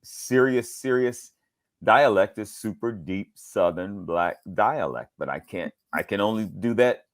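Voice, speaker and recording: A middle-aged man from Georgia, a voice actor being interviewed, telling animated stories and acting out quotes in different voices. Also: fairly low pitch, a little slow. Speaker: voice actor guest. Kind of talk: casual interview storytelling.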